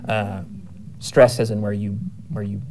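A man's voice: on the low side, little pitch movement, measured pace, dark tone, slight background noise. A man in casual conversation, describing the plot of his novel in a rambling way, with many fillers and self-corrections. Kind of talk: casual chat.

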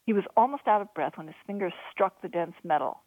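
Female author-narrator, steady storytelling, thin phone-like dry sound. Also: on the low side, quick pace, dry recording. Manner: steady storytelling, lively voices for dialogue. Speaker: author reading her own novel. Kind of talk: audiobook narration.

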